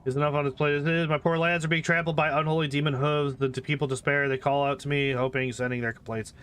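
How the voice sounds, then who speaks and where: A man's voice: fairly high pitch, fairly even intonation, quick pace, fairly bright tone, smooth, lightly acted. A man voicing a befuddled drunken vagabond who calls himself king, rambling with grandiose bluster.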